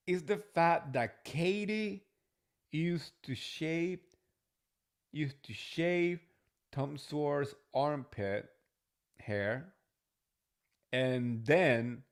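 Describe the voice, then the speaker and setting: A man hosting a casual reality TV recap, chatty and gossipy, swearing freely. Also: medium pitch. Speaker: host.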